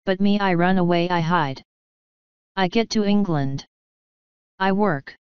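A frantic young refugee cook, as a woman reader puts her on, pouring out her words in broken English. The voice is clear and dry, and the recording sounds a little dull and lo-fi. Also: on the low side, no room sound, close to an everyday voice. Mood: agitated. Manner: agitated, broken English, rapid outbursts.

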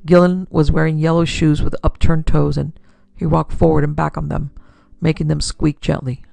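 A woman's voice: deep voice, flat delivery, normal speed, creaky, dark tone, no echo. A woman narrating a classic pulp detective story as podcast host and producer. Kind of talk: scripted narration of pulp fiction.

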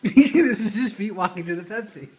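A man's voice: high voice, animated, normal speed. A man bantering casually behind the camera, joking crudely and laughing.

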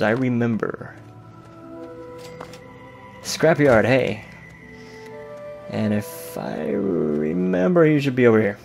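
A man's voice: on the low side, vocal fry. A man giving casual let's-play commentary, joking and rambling and swearing freely as he plays. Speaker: gameplay commentator.

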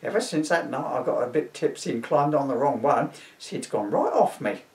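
Indignant gossipy housewife, lively grumbling delivery, read by a man. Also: mid-range voice, moderate pace, natural voice. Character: complaining bigoted housewife, working class. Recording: roomy, from a distance.

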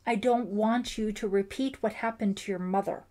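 A woman's voice: mid-range voice, steady tone, normal speed, mellow, lightly acted. A woman voicing a distraught protective father. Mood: stern. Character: distraught middle-aged father, protective and grieving.

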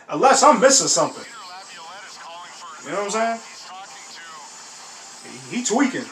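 A high-voiced man hosts a sports reaction video, chatting in loose slang and bursting into shouts and laughter. He sits some distance from the mic in a roomy, echoing space. A faint hiss runs underneath. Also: slow, pauses often. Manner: animated, laughing often, slangy exclamations. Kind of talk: casual reaction commentary.

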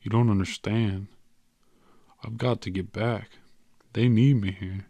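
A desperate man pleads in a low voice to take back a wish he regrets, voiced by a man reading an audiobook. The voice is urgent and begging, low in pitch, and sits in a dry, close sound. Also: completely flat delivery, unhurried, a little mellow, clear, resonant tone, no room sound, dull audio, lightly acted. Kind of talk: audiobook character voice.

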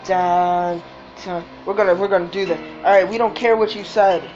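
A woman doing game commentary, swearing often and reacting loudly to the race. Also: medium pitch, fast. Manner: profane, excitable, swearing at the game. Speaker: gamer. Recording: dull lo-fi recording with game music.

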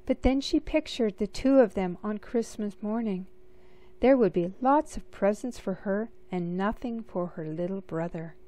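A woman reading a children's picture book aloud, slow and expressive. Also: mid-range voice. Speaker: storybook reader.

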